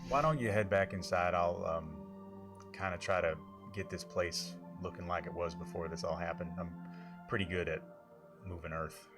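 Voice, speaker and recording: A man's voice: deep voice, steady tone, normal speed. A man playing a tabletop game in a laid-back, rambling way. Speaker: player. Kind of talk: casual in-character play. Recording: light background music.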